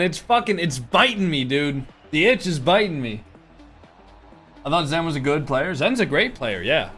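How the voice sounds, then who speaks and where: A man's voice: on the high side, sing-song, moderate pace, a bit bright, faint music behind. A tired young man streaming and commentating a match casually, calling plays loosely and swearing as he chats with viewers. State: tired, yawning.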